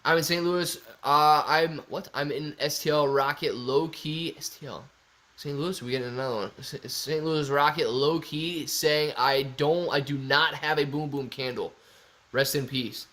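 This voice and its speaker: A man's voice: fairly high pitch, fairly even intonation, normal speed, sharp tone. A young man hosting a casual livestream, joking around and reading viewer comments aloud. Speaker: livestream host.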